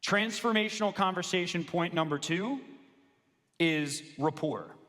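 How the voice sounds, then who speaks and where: A man coaching law firm owners in a live sales presentation, energetic and casual, with slangy asides. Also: high-pitched, unhurried. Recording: long reverb of a large hall.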